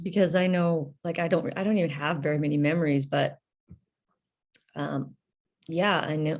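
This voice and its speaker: Woman, podcast host, personal reflective talk, halting, gentle, slightly low pitch. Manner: halting, many fillers and restarts; soft, introspective, gentle.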